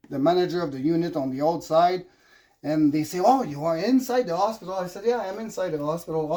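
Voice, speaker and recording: A middle-aged man with a French Canadian accent tells a personal story in a loose, rambling monologue. His voice sits a little higher than most men's. He starts over often and fills his pauses with "uh". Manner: rambling, animated, frequent fillers and restarts. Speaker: vlogger telling a personal story.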